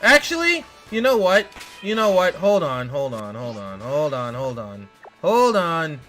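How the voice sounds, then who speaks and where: Excitable high-voiced man streaming a game. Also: measured pace, soft background music. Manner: excitable, exasperated, talks to the game and chat. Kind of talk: live gameplay streaming, talking to chat.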